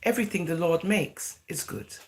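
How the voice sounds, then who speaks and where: Speaking at a moderate pace with a fairly low pitch, this woman from England rambles casually to the camera in a vlog. Her talk is full of "you know" and "right?", and Jamaican-style phrasing slips in now and then.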